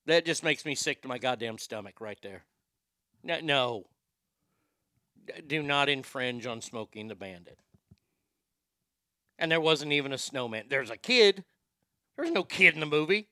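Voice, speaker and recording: A man hosting a show, ranting in a profane, comedic way and swinging from shouting to muttering. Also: medium pitch, animated, moderate pace, pauses often, no room sound, clean studio sound. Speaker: show host.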